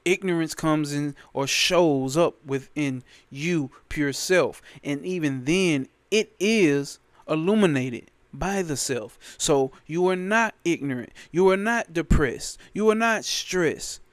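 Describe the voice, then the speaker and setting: A man with a somewhat high voice gives loose, emphatic commentary on a spiritual text. He repeats key phrases and swears freely. The sound is dry, with no room echo. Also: expressive, slow, hardly any pauses. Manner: emphatic, repetitive, sprinkled with profanity. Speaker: spiritual teacher. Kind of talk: casual spoken commentary on a scripture.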